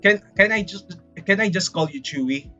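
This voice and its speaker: A man with a Filipino accent chatting casually on a livestream, rambling and excitable, often saying "freaking". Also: sits high, normal speed, dull audio, faint music behind. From Philippines. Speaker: VTuber streamer.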